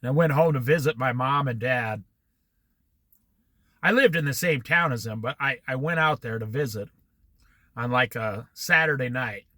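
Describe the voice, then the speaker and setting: A man leading a Bible study, telling a family story in an animated, laughing way. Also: medium pitch, moderate pace, long pauses, no room sound. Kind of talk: anecdotal Bible study talk.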